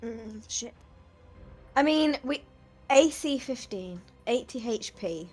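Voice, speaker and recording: A woman with a high voice plays a tabletop game. She talks casually and weighs her options with some hesitation. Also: lively intonation, slow, darkish tone, slightly rough, soft background music. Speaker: player. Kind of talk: casual tabletop role-play.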